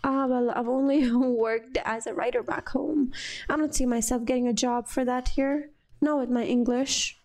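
A woman voicing a worried immigrant husband who pleads politely in a job interview, in her own high voice. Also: steady tone, moderate pace, a little mellow.

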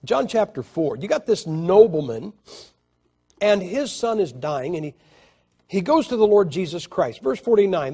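A man preaching a sermon, telling a story with many halting restarts and swings from loud to quiet. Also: sits high, sing-song, breathy edge. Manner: halting, repeats words and restarts. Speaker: evangelist preacher.

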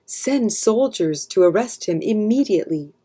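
A woman reading aloud, voicing an angry old senator who shouts and snarls at his daughter. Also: medium pitch, lively intonation, moderate pace, slightly rough, voice pushed up. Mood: furious.

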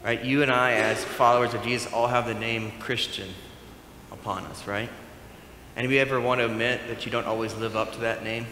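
Bright-voiced pastor in an echoey hall. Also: male voice, mid-range voice, fairly quick, slight background noise. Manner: animated, acts out dialogue with playful humor. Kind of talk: sermon. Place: church sanctuary. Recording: echoey hall with faint room ambience.

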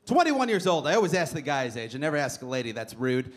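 A man's voice: a little high, sing-song, fast talker. Brash man doing stand-up in a club. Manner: brash, crowd-teasing punchlines. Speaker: stand-up comic. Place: comedy club stage. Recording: live club recording with crowd noise. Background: audience noise and laughter.

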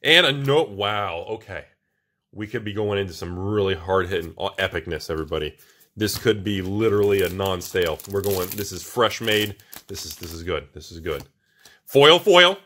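A man hosting a casual card-unboxing video, talking to viewers as he opens packs, excitable and repeating himself. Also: sits low, normal speed. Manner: excitable, repeats words, often addresses viewers as everybody. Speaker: channel host opening card packs.

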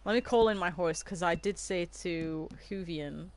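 A woman streams a game from her own room at home, chatting and giggling with viewers as she plays. Her voice is fairly low-pitched at a normal speed, with a little hiss or hum on the recording.

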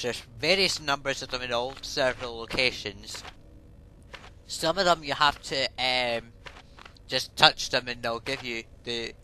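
A let's play host talks over game music in a mid-range, bright voice with a forceful tone, on a rough recording with a little hiss or hum. His commentary rambles casually, offhand and full of swearing.

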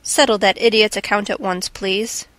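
A woman's voice: mid-range voice, fairly even intonation, moderate pace, a bit bright, no room sound, natural voice. A woman voicing an irritable, blustering male opera manager in an audiobook. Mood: exasperated. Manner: explosive, exasperated.

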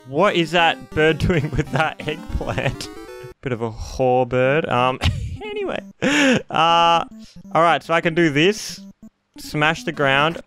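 Excitable man doing game commentary. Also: fairly high pitch. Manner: excitable, jokey, talking to himself while playing. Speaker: gaming YouTuber. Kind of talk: let's-play commentary.

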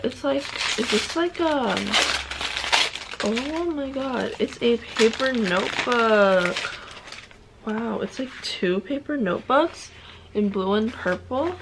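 A young woman vlogging as she unboxes gifts, gushing and excitable, full of "oh my god" and "like". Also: a little high. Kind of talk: casual unboxing vlog. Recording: clear background noise.

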